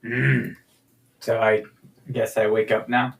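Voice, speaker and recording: A man's voice: lowish voice, little pitch movement, slow, gravelly, recorded from a distance. A man playing in a tabletop game, chatting casually in a jokey way. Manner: jokey, laughing. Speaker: player.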